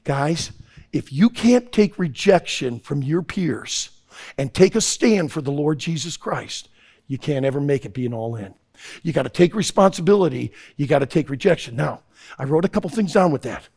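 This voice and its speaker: A man preaching an impassioned sermon to young people, swinging from hushed tones to shouting. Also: fairly high pitch, expressive, moderate pace, slightly rough. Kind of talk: sermon to a youth audience.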